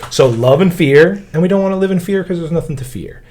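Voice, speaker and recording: A man's voice: fairly high pitch, quick pace, darkish tone. A man co-hosting a podcast in casual chat, emphatic and swearing freely, stretching words for stress. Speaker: podcast co-host.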